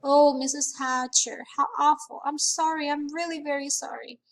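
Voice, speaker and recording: A woman's voice: high voice, fairly even intonation, normal speed, voice pushed up. Woman voicing a whiny, tearful young schoolgirl. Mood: sorry. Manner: pleading, whiny.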